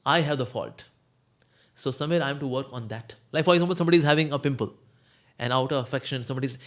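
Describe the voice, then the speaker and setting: A man's voice: medium pitch, racing. A man, a monk answering questions in a conversational spiritual talk, telling stories and acting out quoted voices. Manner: storytelling, acts out quoted voices, chuckles.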